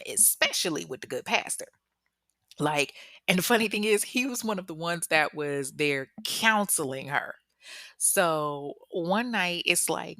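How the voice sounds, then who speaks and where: A young woman tells a true-crime story in a lively, joking way, leaping up in pitch when she acts out what people said. Her voice is bright and crisp. The sound is dry and close. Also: dry recording. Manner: animated and joking, acts out quotes with big pitch jumps, laughs often. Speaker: true-crime podcast host. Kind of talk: casual storytelling with commentary.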